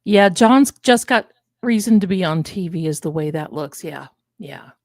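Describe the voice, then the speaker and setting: A woman's voice: on the low side, lively intonation, normal speed, vocal fry, no echo. An older woman hosting a live stream, chatting loosely and drifting into personal stories. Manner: chatty, digressive, storytelling asides. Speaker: host of a live tarot and commentary stream. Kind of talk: casual live-stream commentary.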